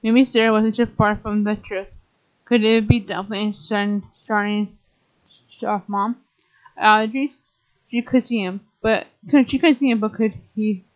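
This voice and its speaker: A woman hosting a podcast, reading a children's storybook aloud with frequent stumbles and self-corrections. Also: medium pitch. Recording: dull lo-fi recording.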